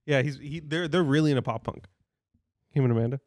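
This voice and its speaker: A man's voice: mid-range voice, fast, a little mellow, dry recording, studio quality. A man co-hosting a podcast in an easygoing, agreeable chat, often laughing along. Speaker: podcast co-host. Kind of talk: casual chat.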